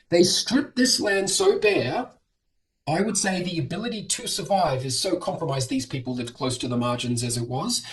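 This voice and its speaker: A middle-aged man, a historian, explaining in an animated lecture-style way as an interview guest. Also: sits high, a little hiss or hum. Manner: animated, acts out quoted voices.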